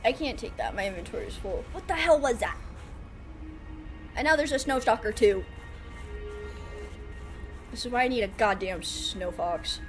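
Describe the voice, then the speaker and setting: A woman's voice: on the high side, lively intonation, moderate pace, pauses often, over music. A young woman streaming a survival game, chatting to her viewers, joking and laughing, with sudden alarmed outbursts. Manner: chatty, talks to chat and the game, laughs often, bursts of alarm. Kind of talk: live gameplay commentary.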